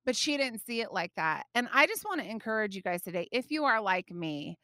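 A woman in her thirties hosting a devotional podcast, telling a personal story in an animated, chatty way with frequent laughs and fillers. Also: a little high, a little fast, no echo, clean studio sound. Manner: frequent fillers such as like and you know. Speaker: podcast host.

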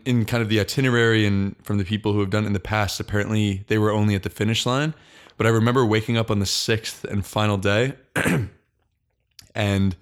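A young man telling a long personal story in casual podcast chat, halting often and restarting his sentences. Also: lowish voice. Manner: halting, frequent restarts and fillers.

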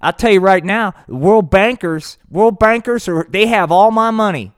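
A man voicing a loud, angry male patriot podcast host who rants with profanity. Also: sits high, moderate pace, clear, resonant tone, no room sound, studio quality, voice pushed up, lightly acted. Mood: ranting. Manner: ranting, profane, shouting.

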